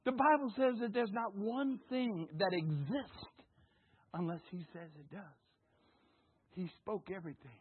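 High-voiced preacher on a tinny line. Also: male voice, measured pace, husky. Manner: animated, shouting bursts and acted-out voices. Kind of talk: sermon. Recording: tinny phone-like, dry sound.

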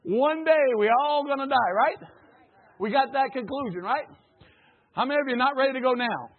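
A pastor preaching a sermon in call-and-response style, swinging between loud and hushed passages. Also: male voice, very high-pitched, normal speed. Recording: tinny phone-like recording.

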